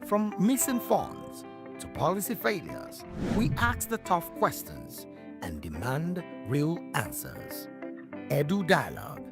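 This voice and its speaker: A woman reads a dramatic TV promo in a deep, gravelly voice. Her delivery is slow and emphatic, swooping widely in pitch. Loud music plays beneath her. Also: wildly swooping pitch. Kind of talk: dramatic scripted promo narration. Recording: over loud background music.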